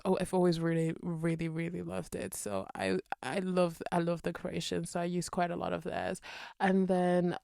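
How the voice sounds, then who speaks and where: Young British woman, chatty and rambling, mellow dark tone, dry close mic. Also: on the low side, vocal fry, no echo. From Birmingham, England. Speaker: game build creator. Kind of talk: casual voice-over chat. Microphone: desk microphone.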